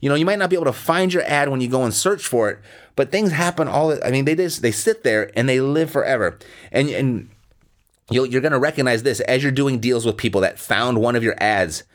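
A man's voice: mid-range voice, fairly quick. A man coaching listeners on real estate investing in a blunt, emphatic way, repeating points for stress. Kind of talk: instructional talk.

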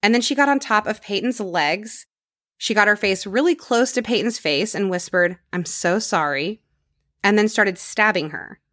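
Woman host, chatty true crime storytelling, quieter on dark details, dry close sound. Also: medium pitch, animated, normal speed, dry recording. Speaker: podcast host telling a true crime case. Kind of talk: casual storytelling chat.

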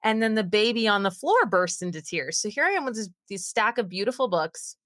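A woman in her thirties telling a story as a podcast guest, lively and animated, with her voice leaping up as she acts out what was said. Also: a little fast, no room sound, clean studio sound. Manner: animated, acts out quotes with big pitch jumps. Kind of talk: casual interview storytelling.

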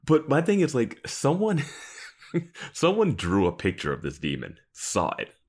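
A man's voice: mid-range voice, huge pitch swings, unhurried, darkish tone. A man co-hosting a podcast, casually reacting to a TV episode with amused, rambling commentary. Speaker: podcast co-host.

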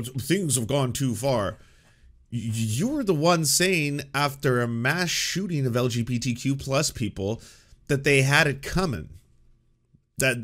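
A man's voice: mid-range voice, a bit bright. A man hosting a commentary show, reacting to clips in a sarcastic, mocking and profane way.

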